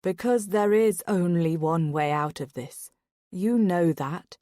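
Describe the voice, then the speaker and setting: A woman reading a calm, arrogant young nobleman in a low, quiet, even voice in an audiobook. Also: slow, no echo, clean studio sound.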